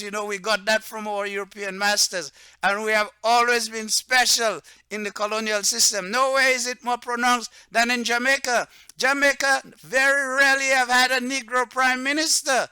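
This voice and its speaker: Man with Patois roots, self-styled religious leader, off-the-cuff monologue; smooth, dry close-mic sound. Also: extremely high pitch, steady tone, sharp tone, no room sound. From Dominica. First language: Antillean Creole (Patois). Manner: rambling, repeats "okay?" and "right?", turns heated and slower when stressing points. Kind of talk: unscripted monologue to camera.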